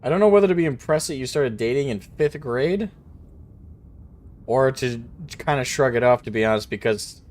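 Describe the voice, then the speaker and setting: A man hosting a casual voice chat while gaming, telling animated stories and swearing freely. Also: medium pitch, normal speed, slight background noise. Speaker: streamer host.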